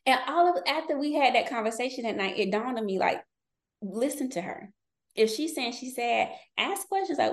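With a fairly high, animated voice at a moderate pace, a podcast guest in her forties shares personal stories frankly in easygoing conversation. She laughs a lot and drops into the voices of people she quotes.

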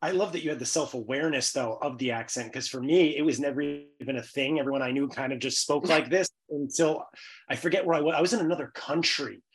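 Fast-talking Bronx man hosting. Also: a little high. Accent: Bronx, New York. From New York, USA. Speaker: podcast host. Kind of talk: casual interview chat.

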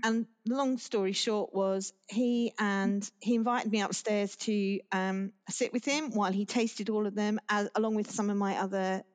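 A woman speaks as a podcast guest in a mid-range voice, telling a long story with many restarts and pauses. Her delivery is relaxed and conversational, and she laughs now and then as she talks. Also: medium pitch, clear, resonant tone. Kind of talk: casual interview chat.

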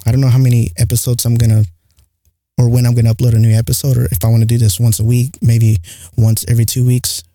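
A young man with an accent talks on his podcast in a loose, rambling monologue, leaning on "like" as he goes. His voice is very dark and mellow. It is recorded close and dry. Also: mid-range voice, level tone, fast talker, no room sound. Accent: non-standard English accent. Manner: rambling and candid, heavy use of "like". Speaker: podcast host. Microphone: studio mic close up.

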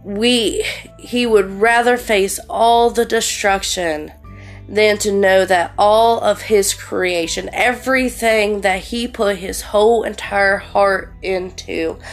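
A woman giving a devotional sermon, halting and searching for words, earnest in tone. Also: mid-range voice, fairly even intonation. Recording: faint music underneath.

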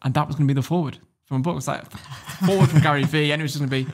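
This podcast guest, an entrepreneur, races through a casual story in a slightly high, steady voice with a breathy edge. He's blunt about it, swears freely, and keeps laughing as he talks.

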